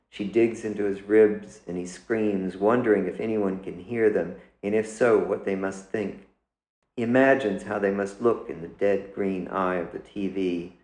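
Deep, gravelly man reading his story. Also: a little mellow, reverberant, rough recording. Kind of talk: literary reading. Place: indoors.

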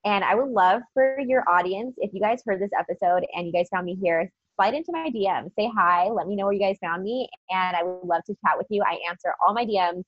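A woman appears as a guest on a podcast, a business coach chatting earnestly and upbeat about mindset with plenty of fillers. Her mid-range voice moves briskly with hardly any pauses, and the dry recording has a dull, lo-fi sound.

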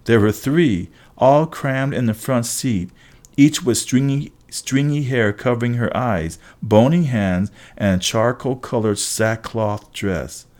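A man's voice: medium pitch, slow pace, darkish tone. A man narrating a first-person story aloud, with occasional slips and restarts. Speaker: audiobook reader.

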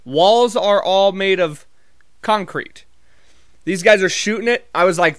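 Guy rambling on a vlog, swears a lot, kinda high voice, dry close sound. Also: measured pace, fairly bright tone, no room sound. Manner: rambling, profane, jokey storytelling. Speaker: vlogger. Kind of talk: casual comedic monologue.

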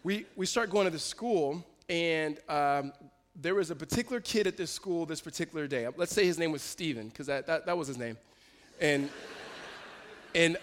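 A man preaching a sermon, telling a personal story in an animated way with restarts and asides. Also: fairly high pitch, long reverb tail. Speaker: pastor.

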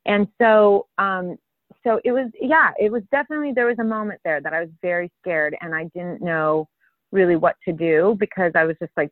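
A woman's voice: mid-range voice, fairly quick, dry recording. A woman, a mother, telling a long rambling story in casual chat, full of fillers. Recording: tinny phone-like line, dry.

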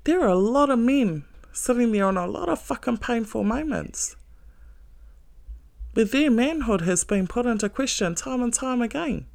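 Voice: medium pitch, animated, moderate pace, gravelly, darkish tone, dry recording. A self-help speaker giving a blunt, heavily profane motivational monologue, earnest and emphatic, with short laughs.

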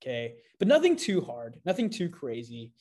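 A man hosting a podcast, telling a self-deprecating story in a casual, animated way with frequent fillers. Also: mid-range voice, moderate pace. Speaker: podcast host.

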